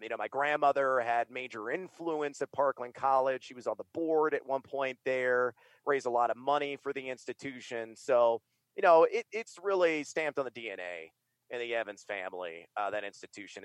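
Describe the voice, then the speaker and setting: In a casual interview, a middle-aged fantasy sports broadcaster and writer from the US talks with energy and emphasis, dropping in plenty of fillers. He has a mid-range voice at normal speed, with no room sound.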